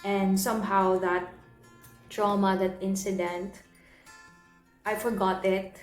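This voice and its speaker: Earnest young woman in an echoey room. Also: medium pitch. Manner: earnest, emotional, repeats and restarts phrases. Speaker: vlogger. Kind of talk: personal confessional vlog. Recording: roomy echo, soft guitar music underneath.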